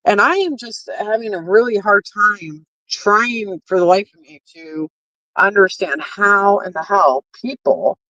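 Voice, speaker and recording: Addressing her viewers directly, a woman streamer delivers a blunt, casual opinion rant full of curse words and fillers. Her mid-range voice is expressive, fairly bright and a little slow, with no echo, though the stream audio is dull and lo-fi.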